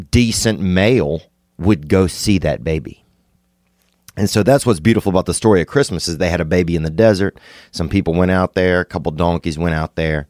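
A man from Louisiana with a very low voice rambles through a digressive comedic monologue, now and then leaping into high, excited bursts. The sound is dry and close, with no room echo.

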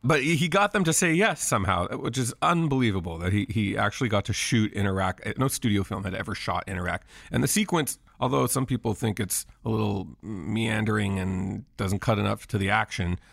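A man co-hosting a podcast, calmly explaining film history in casual chat. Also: lowish voice, a little fast, creaky, hardly any pauses, dry recording, clean studio sound. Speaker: podcast co-host.

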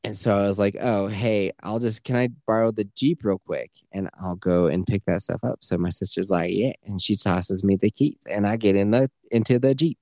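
A man's voice: lowish voice, normal speed, hardly any pauses, no echo, clean studio sound. A man co-hosting a podcast who tells stories casually, swearing freely and putting on the voices of the people in them. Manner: animated, profane, acts out voices in his stories. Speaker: podcast co-host. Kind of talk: casual storytelling chat.

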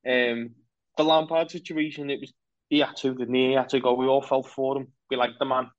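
A man's voice: medium pitch, little pitch movement, fairly quick, dry recording. Scouse guy co-hosting, rambles on with strong opinions, dull dry mic. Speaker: podcast co-host. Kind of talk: casual football chat.

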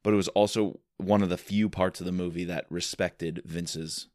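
A man's voice: deep voice, steady tone, normal speed, darkish tone, dry recording, studio quality. A man hosting a casual book discussion, laying out his opinions steadily. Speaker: podcast host.

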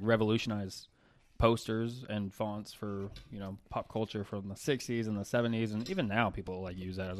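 A man co-hosting a podcast in casual chat, talking in a profane, rambling way. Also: lowish voice. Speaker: podcast co-host.

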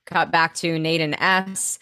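A woman's voice: low-pitched, steady tone, measured pace, bright, forceful tone, clear, resonant tone, no echo, studio quality. Playful woman doing dramatic mock-quotes. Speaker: podcast co-host. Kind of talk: casual recap chat.

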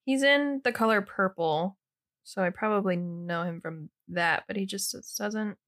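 A young woman co-hosts a podcast, reacting to the story with laid-back comments. She speaks very slowly in a bright, sharp voice. The recording is dry and close, with no room echo. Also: medium pitch. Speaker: podcast co-host. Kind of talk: casual chat.

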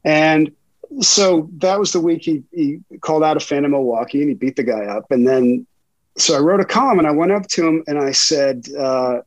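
A man's voice: on the high side, normal speed, no echo, low-quality recording. Laughing middle-aged man telling stories. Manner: laughing often, profane anecdotes. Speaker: guest reporter. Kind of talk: casual interview storytelling.

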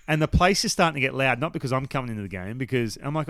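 Ex-pitcher from Australia, a man in his thirties, animated storyteller who keeps quoting himself, middle-pitched voice recorded dry and close. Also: fast, few pauses, smooth, dry recording. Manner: animated, acts out his past thoughts in quotes, laughs often. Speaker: former baseball pitcher, guest. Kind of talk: animated storytelling in a podcast interview.

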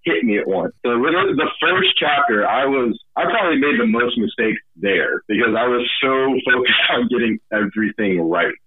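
A male audiobook narrator is a guest on a podcast, chatting in a candid, self-deprecating way. His voice is husky and a bit breathy. He comes through a thin, phone-like remote line. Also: medium pitch, lively intonation, brisk, hardly any pauses. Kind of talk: casual podcast conversation.

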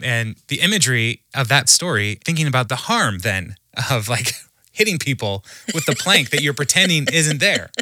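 Animated, laughing man, bright tone. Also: medium pitch, normal speed, dry recording, clean studio sound. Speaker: podcast guest, humor researcher. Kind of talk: conversational storytelling.

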